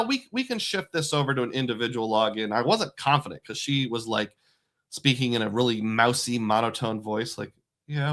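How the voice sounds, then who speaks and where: A man's voice: mid-range voice, fairly bright tone. A man hosting a casual livestream about credit cards and bank bonuses, talking in a chatty, rambling way with many asides. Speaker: personal finance host.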